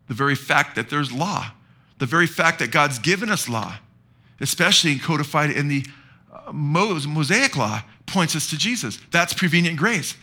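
A man's voice: medium pitch, pushed and bright. A man preaching a sermon as pastor, asking the congregation to answer back. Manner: preaching with call-and-response questions to the congregation.

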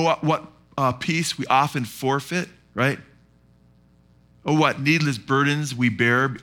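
A male pastor with a Californian accent, preaching a sermon to his congregation in an animated way and breaking off into quick asides to the church. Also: fairly high pitch.

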